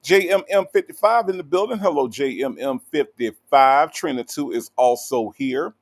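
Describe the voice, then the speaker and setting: Male livestream host, joking and animated, chatty comment-reading delivery. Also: medium pitch, normal speed. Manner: animated, playful, with lots of "okay?" tags and fillers.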